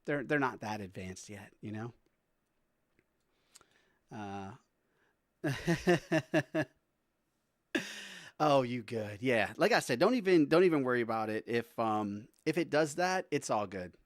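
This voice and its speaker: A man's voice: mid-range voice, animated, slow pace, pauses often, dry recording. Chatty streamer man, dry close sound. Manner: chatty, laughs often, talks to his chat and his dog. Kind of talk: casual live-stream chat.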